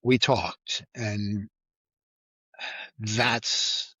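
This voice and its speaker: Bright-voiced man telling a story. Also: lowish voice, extremely slow, husky, no room sound. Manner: animated storyteller who laughs often and acts out quoted lines. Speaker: guest, former state trooper. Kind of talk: casual interview storytelling.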